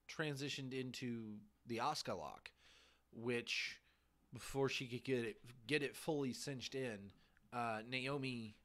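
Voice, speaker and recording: A man hosting a podcast, giving a casual recap of a televised show in a halting way, pausing between short phrases. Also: medium pitch, a bit bright. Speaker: podcast host.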